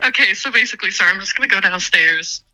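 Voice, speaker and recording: A woman's voice: mid-range voice, fast talker, bright, forceful tone, dry recording, poor audio. A young woman, a guest, telling a childhood story in casual chat, swearing and mocking herself with lots of restarts. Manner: profane, self-mocking, rambling with many restarts.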